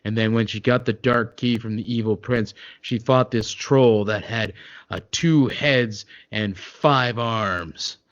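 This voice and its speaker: A man's voice: lowish voice, takes it slowly, lo-fi sound. A man doing a touchy metal-singer storyteller. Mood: grumbling. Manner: dismissive, hesitant, full of "uh" and "okay?". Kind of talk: comedy sketch impression.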